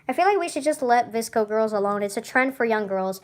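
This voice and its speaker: A woman's voice: on the high side, lively intonation, a little fast. A woman vlogger chatting casually to camera, rambling and often stuttering and restarting. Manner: chatty, rambling, with frequent laughs.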